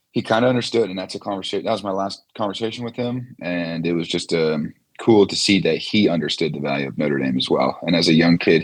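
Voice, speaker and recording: A man in his twenties, a former quarterback, telling stories as a guest in a casual interview, relaxed with many fillers. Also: sits low, slightly rough.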